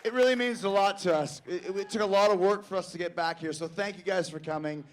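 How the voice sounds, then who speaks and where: A man hosting a live awards show on stage, loud and theatrical as he shouts to the crowd. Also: high voice, fast.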